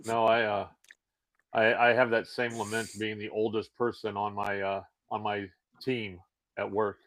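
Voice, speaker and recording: A middle-aged man co-hosting a podcast in casual chat, with wry, crude deadpan humor. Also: on the low side, a little slow, dry recording, low-quality recording. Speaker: podcast co-host.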